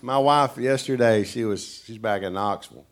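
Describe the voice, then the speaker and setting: A man's voice: lowish voice, moderate pace. A middle-aged man with an East Tennessee Southern accent, a guest preacher telling folksy stories in a sermon and acting out the characters. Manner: animated storyteller who acts out characters.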